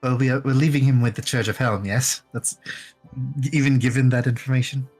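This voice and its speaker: Player, man, husky tone, relaxed table chat. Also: medium pitch, fairly quick, soft background music. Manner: laughing, casual. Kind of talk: casual tabletop play.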